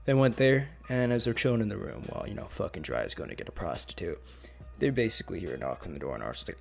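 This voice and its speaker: Gravelly, profane young-sounding storyteller man. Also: deep voice, very animated, quick pace, soft background music. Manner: profane, rambling, slangy. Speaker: channel host. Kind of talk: casual what-if story narration.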